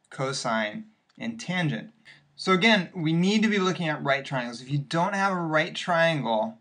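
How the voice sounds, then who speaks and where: A man's voice: a little high, fairly bright tone. Man patiently explaining a math lesson. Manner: patient, step-by-step explaining with fillers. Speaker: math teacher. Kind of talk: recorded classroom lesson walking through examples.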